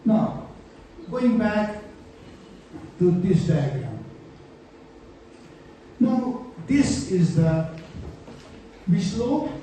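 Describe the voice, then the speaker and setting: Male medical lecturer with a dark, mellow tone, heard from a distance in a very echoey room, prompting students with questions. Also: high voice, sing-song, extremely slow, long pauses. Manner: explanatory, checks in often with rhetorical questions. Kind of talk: exam-prep anatomy lecture. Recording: very echoey room, distant mic, faint noise.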